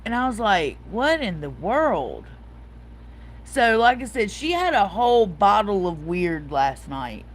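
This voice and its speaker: A woman's voice: mid-range voice, expressive, moderate pace, hardly any pauses, low-quality recording. A woman, hosting a casual livestream chat, telling a story and reading out viewer comments. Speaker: host.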